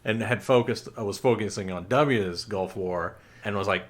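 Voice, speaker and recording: A man in his forties co-hosting a podcast in casual chat, animated, laughing a lot and going off on ranting asides. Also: lowish voice, normal speed. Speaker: podcast co-host.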